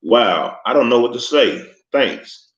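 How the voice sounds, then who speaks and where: A man's voice: medium pitch, lively intonation, slow, voice pushed up. A man doing a brash young street dealer. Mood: excited. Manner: casual street slang. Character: eighteen-year-old male drug dealer, brash and excited. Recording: echoey, slightly muffled room recording.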